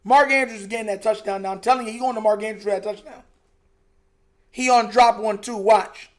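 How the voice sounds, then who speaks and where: A man's voice: high-pitched, fairly even intonation, a little fast. A young man hosting a live stream, reacting to a football game in casual, frustrated, emphatic chat. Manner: frustrated, emphatic, repeats himself, says "bro" a lot.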